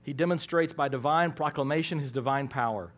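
A pastor preaching a sermon, swinging between hushed, quiet lines and loud, emphatic ones, and sometimes repeating words as he restarts a phrase. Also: medium pitch, fairly quick.

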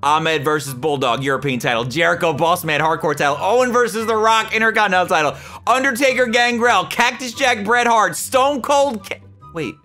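A young man commenting excitedly on a wrestling sim game, jumping between loud outbursts and muttered asides. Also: high voice, a little fast, faint music behind. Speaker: gaming YouTuber. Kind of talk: gaming commentary.

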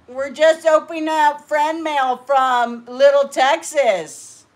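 Excitable woman host gushing on a live stream. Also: high-pitched, slow pace, hardly any pauses. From California. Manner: gushing, excitable, talks to viewers. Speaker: channel host. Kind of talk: casual live-stream chat.

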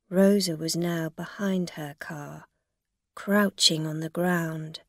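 A woman narrating a story for English learners in a calm, deliberate way. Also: lowish voice, vocal fry, no room sound, clean studio sound.

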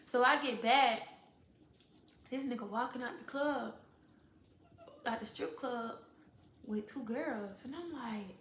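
A young woman tells a fight story for her vlog, animated, blunt and full of swearing, acting out what people said. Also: high-pitched, echoey room. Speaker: vlogger.

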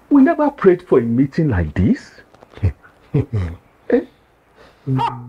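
A man's voice: fairly high pitch, a little mellow, breathy edge, heavily acted. A man playing a weary village elder who presides over a family meeting, exasperated and reproachful.

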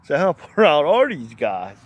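A man's voice: on the high side, huge pitch swings, unhurried, dull audio. Rambling, chuckling hunting storyteller man. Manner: rambling and folksy, chuckles often; plainspoken, mild cursing. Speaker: outdoors vlogger. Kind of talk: casual storytelling.

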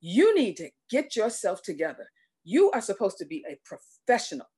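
A man's voice: sits high, wildly swooping pitch, moderate pace, darkish tone, slightly rough, full character voice. A stern, impatient doctor, as a woman storyteller puts him on, clipped and scolding in his rebuke. The voice stays close to her own, with only a slight lift. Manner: curt, scolding.

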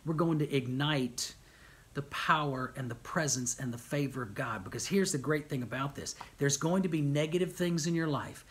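A middle-aged man preaching a sermon, animated, with rhetorical questions and repeated phrases. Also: a little high. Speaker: pastor.

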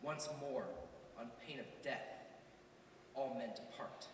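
A man's voice: medium pitch, steady tone, slow pace, very noisy, close to an everyday voice. A man playing a stern, angry prince, declaiming a Shakespearean stage monologue. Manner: declaiming, commanding. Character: stern commanding male prince, angry ruler. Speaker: stage actor. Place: school stage. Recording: echoey hall from far off.

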